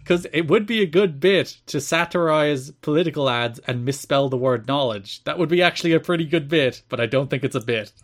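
A man's voice: fairly high pitch, expressive, fairly quick, hardly any pauses. Man recapping old wrestling shows. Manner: recapping with dry asides. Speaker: podcast co-host. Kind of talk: casual chat.

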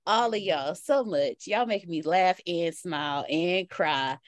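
A woman's voice: fairly low pitch, measured pace, no room sound. A woman hosting an online community call, chatting casually with a playful, laughing manner and repeated catchphrases. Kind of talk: casual chat.

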